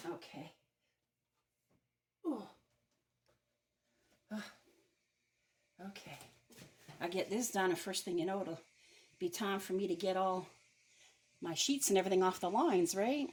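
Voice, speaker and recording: A woman's voice: mid-range voice, a little slow, pauses often, slight background noise, low-quality recording. A middle-aged woman hosting a home cooking video, chatty and folksy, joking about herself as she cooks in her kitchen. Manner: chatty, folksy, self-deprecating. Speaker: cooking channel host. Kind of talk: home cooking demonstration with jokes. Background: faint frying sizzle.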